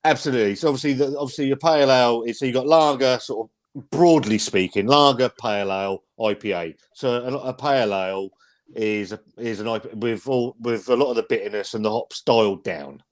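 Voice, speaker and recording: A man's voice: medium pitch, brisk. A man hosting a casual livestream chat about beer, blunt and sweary, rambling with frequent restarts. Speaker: host.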